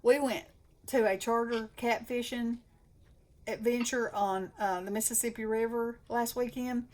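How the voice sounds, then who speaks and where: A woman's voice: a little high, steady tone, a little slow, darkish tone. A woman with a Southern US accent chatting enthusiastically as host of a craft channel. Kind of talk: casual chat.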